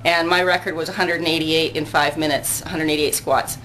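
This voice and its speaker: A woman's voice: deep voice, steady tone, brisk, a bit bright, rough recording. An older woman chatting casually in a fitness vlog, rambling and laughing often, a bit out of breath after a workout, recorded on a handheld camera out on her balcony. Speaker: vlogger. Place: outdoor balcony.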